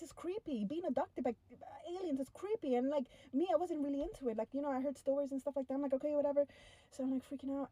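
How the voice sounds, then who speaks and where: A young woman tells a first-person story to camera in an animated, breathless way, with many "like" fillers. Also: a little high, husky, no echo, rough recording.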